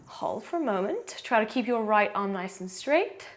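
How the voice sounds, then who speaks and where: A young woman leading a guided yoga class, giving calm, encouraging cues and counting holds aloud. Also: mid-range voice, normal speed. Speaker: yoga instructor.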